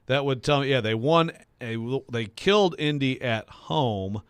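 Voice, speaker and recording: A man co-hosting sports talk radio, thinking aloud with animated restarts, on a studio mic. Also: mid-range voice, a little slow, clean tone, dry recording.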